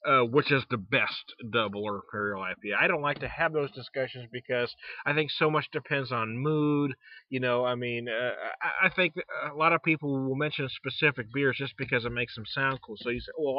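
A man's voice: mid-range voice, no echo, highs cut off. A man reviewing beer in a casual vlog, rambling with restarts and speaking frankly, with some mild swearing. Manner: rambling, frequent restarts and fillers; frank, mildly profane.

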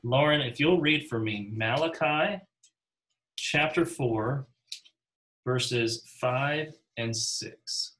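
Lively man teaching a Bible class. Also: mid-range voice, extremely slow, rough recording. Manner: animated, acts out quotes in character voices; conversational, calls on class members.

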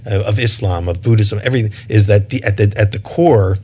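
Thoughtful low-voiced man, halting. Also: mellow, slightly rough. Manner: thoughtful, many restarts and repeated words. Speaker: guest. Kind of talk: reflective interview talk.

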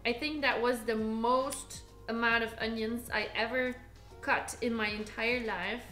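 Woman, home cooking livestreamer, relaxed unhurried chatter, self-teasing; roomy kitchen sound. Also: fairly high pitch, faint music behind. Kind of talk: casual live cooking stream chat.

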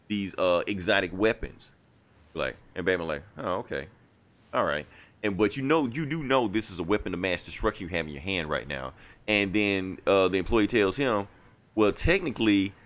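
Low-voiced man casually recapping a comic. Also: a bit bright. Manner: loose, rambling retelling with quoted dialogue and casual swearing. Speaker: podcast co-host reviewing comics.

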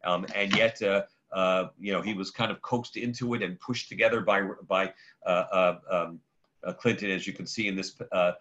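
A male rabbi teaches a class over a video call, his lowish voice bright and forceful. He talks in a halting, digressive way, breaking off to call on participants by name. The audio is muffled and lo-fi. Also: fairly even intonation. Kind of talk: conversational lecture with audience questions.

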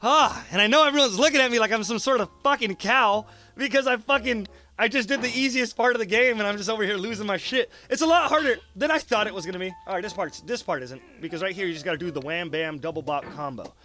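A young man giving gameplay commentary, excitable, muttering one moment and yelling the next, swearing and talking to his character. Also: sits high, fast, few pauses. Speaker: gaming YouTuber.

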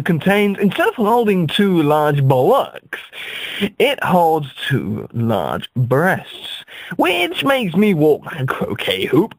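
A man delivering a rambling, absurd comic monologue, stammering and jumping up into high squeaks for effect. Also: vocal fry, a bit bright, no echo.

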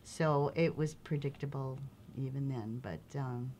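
A middle-aged woman, an actress and showrunner, telling stories in an animated way and laughing often in a casual interview. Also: extremely low pitch, measured pace, a little hiss or hum. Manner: animated, lively storyteller who laughs often.

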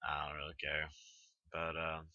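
Teen guy, Tennessee Southern accent, low monotone voice, mumbling and hesitant, dull lo-fi home mic. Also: moderate pace, dry recording. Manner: mumbling, hesitant, trails off, casual swearing. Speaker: vlogger reading an accent tag. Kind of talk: casual unscripted chat.

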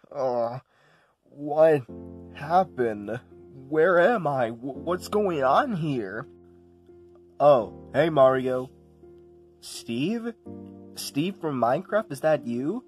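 A man playing a skittish grown-man hero from a homemade comedy sketch, unhurried and stammering, nervous in manner, with an ordinary middle pitch. Faint music plays behind him. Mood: scared. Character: jumpy grown man hero, easily scared.

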